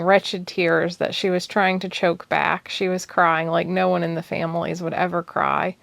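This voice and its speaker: A woman reading a cozy fantasy audiobook aloud in a calm, steady narration. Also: on the low side, gravelly, no echo. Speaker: audiobook reader. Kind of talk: storybook narration.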